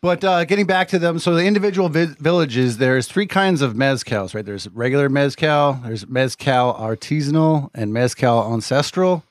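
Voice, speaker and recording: A man's voice: mid-range voice, lively intonation, normal speed, few pauses, no room sound, studio quality. A man hosting a casual podcast chat, laughing easily and stumbling over foreign place names. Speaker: podcast host.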